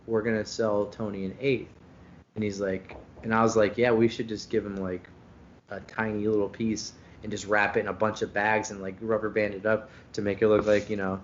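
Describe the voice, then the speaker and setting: A man's voice: lowish voice, little pitch movement, moderate pace, lo-fi sound, a little hiss or hum. Profane rambling man telling a story. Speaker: podcast host. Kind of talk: casual storytelling chat. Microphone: video call.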